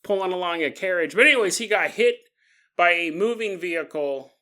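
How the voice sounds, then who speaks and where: A man's voice: sits high, expressive, a little fast, bright, forceful tone. A man hosting a podcast, telling stories in a joking way and laughing through his sentences. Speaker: podcast host. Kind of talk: comedic storytelling podcast.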